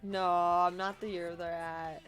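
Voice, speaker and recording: A woman's voice: on the low side, little pitch movement, unhurried, soft background music. A woman in her late twenties, a streamer telling viewers about her day in an emotional, rambling way, laughing through tears. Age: late 20s. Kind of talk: casual storytelling to viewers.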